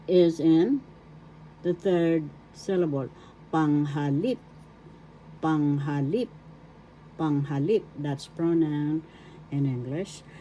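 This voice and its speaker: A woman's voice: low-pitched, warm tone, highs cut off, slight background noise. A middle-aged woman from the Philippines, giving a spoken language lesson and repeating each word syllable by syllable. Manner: repeats words and spells them out syllable by syllable. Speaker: language teacher.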